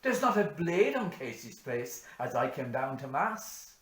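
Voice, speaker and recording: A man voicing a gloomy old Irish farmer with a Cork accent, who laments in a high, loud, forlorn wail. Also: sing-song, unhurried. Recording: echoey room.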